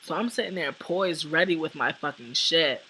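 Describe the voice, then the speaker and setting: A young woman with a bright, forward voice tells a rambling true story to camera. Her talk is casual and heavy with swearing, and she acts out the people in it. A faint hiss sits under the recording. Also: low voice, moderate pace, poor audio. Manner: profane, animated, acts out what people said. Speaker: vlogger.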